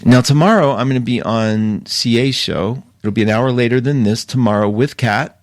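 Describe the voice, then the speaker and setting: A man's voice: medium pitch, moderate pace, no room sound, clean studio sound. A man hosting a live astrology show, chatting in a rambling, casual way and laughing often. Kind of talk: casual live-stream talk.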